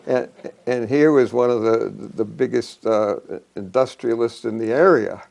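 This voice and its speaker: An older man telling local history and childhood memories in a halting way, full of fillers and restarts. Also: medium pitch, creaky, a little mellow. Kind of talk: reminiscing talk.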